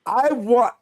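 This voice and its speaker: High-pitched man speaking haltingly. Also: warm tone. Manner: halting, restarts his sentences. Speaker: panelist. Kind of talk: heated panel discussion.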